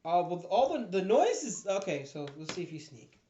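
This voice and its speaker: A man's voice: high-pitched, very animated, mellow, a little hiss or hum. A man narrating a tabletop game as dungeon master in a loose, rambling way, with lots of fillers and laughter. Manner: loose, laughing, filler-heavy storytelling with quick put-on voices. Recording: dull echoey room recording.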